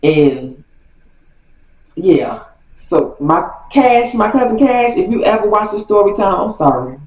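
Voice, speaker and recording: Animated woman telling a storytime. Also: mid-range voice, measured pace. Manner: animated, self-correcting, laughing as she tells it. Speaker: storytime vlogger. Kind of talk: casual storytime. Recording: roomy echo, voice far from mic.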